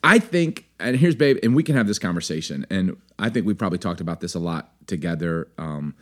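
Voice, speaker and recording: A man co-hosting a podcast, chatting casually and playfully, often breaking into laughter. His pitch swings widely as he talks, and he sounds lively and good-humored throughout. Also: brisk. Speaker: podcast co-host. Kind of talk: casual chat.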